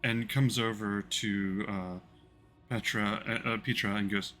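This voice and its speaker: A man with a fairly low but bright, forceful voice runs a tabletop roleplaying one-shot as game master. He narrates casually, drifting and filling pauses as he goes. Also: steady tone, faint music behind. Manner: casual, rambling narration with fillers.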